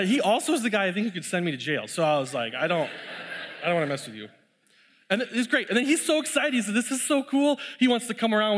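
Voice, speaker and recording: A man's voice: a little high, fairly bright tone, in a large hall. A man preaching a sermon, telling a personal story in a conversational way and laughing often. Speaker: pastor sharing testimony. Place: church.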